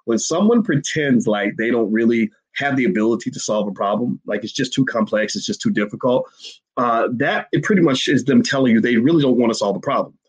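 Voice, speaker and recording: A man's voice: mid-range voice, a little fast, breathy edge, poor audio. A man giving emphatic livestream commentary to his chat, hammering points with repeated rhetorical questions. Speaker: finance commentator.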